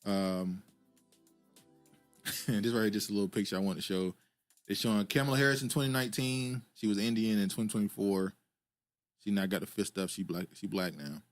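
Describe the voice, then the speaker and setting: A man's voice: fairly low pitch, fairly even intonation, fairly quick, pauses often. Guy co-hosting a podcast, opinionated and laughing, faint music behind. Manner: opinionated, laughs often, talks over clips. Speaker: podcast co-host. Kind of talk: casual political commentary.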